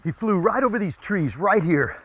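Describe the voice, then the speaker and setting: Guy hosting a hunting show outside, fired up then going quiet, kinda high voice. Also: moderate pace, dull audio. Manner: excited, at times hushed. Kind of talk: outdoor hunting commentary. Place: outdoors in the field.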